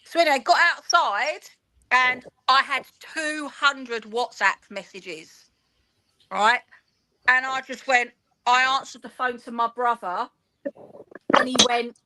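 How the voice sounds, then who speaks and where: A woman in her thirties with a bright, clear voice, pitched a little high. She talks in an animated, rambling way and acts out each quoted exchange as she tells her story to an interviewer. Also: normal speed. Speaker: guest, football fan and teacher.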